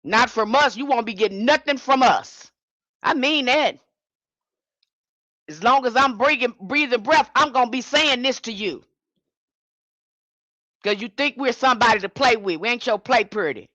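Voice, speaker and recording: A woman's voice: fairly high pitch, animated, normal speed, long pauses, bright, forceful tone, dry recording, dull audio. A woman giving an impassioned livestream sermon as a spiritual teacher, speaking in a fiery, confrontational way and repeating her points.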